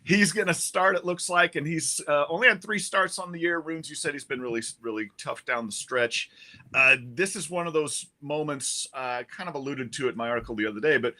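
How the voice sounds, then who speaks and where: Bright-toned sports writer thinking aloud. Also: male voice, a little high, brisk. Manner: conversational, thinking aloud with restarts. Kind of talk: casual sports analysis.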